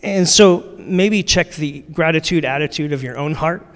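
A man preaching a sermon in a relaxed, conversational way, using slang and repeating his key lines for emphasis. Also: fairly high pitch, moderate pace. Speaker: pastor. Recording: long reverb of a large hall.

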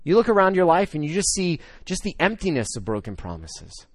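A man in his thirties preaching a sermon, telling a personal story that swings between loud excitement and hushed emotion. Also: a little high, fairly quick, no room sound, clean studio sound. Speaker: pastor.

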